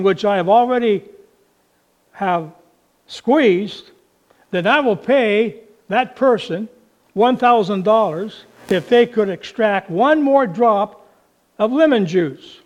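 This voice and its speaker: A male pastor voicing a boastful strongman bartender in a sermon story, loud and bragging. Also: sits high, lively intonation, takes it slowly.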